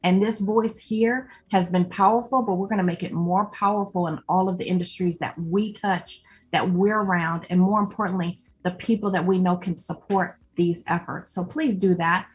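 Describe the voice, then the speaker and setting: A woman's voice: on the low side, fairly even intonation, normal speed. A woman co-hosting a live online show, giving an earnest, rambling thank-you full of "um"s and repeated phrases. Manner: earnest, repeats "more importantly", many "um"s. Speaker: co-host. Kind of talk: heartfelt closing thanks on a live video show.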